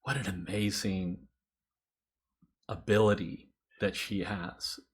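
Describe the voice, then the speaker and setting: A man's voice: on the low side, steady tone, slow. A man hosting a casual music reaction chat, thoughtful, counting beats aloud and laughing often. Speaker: host.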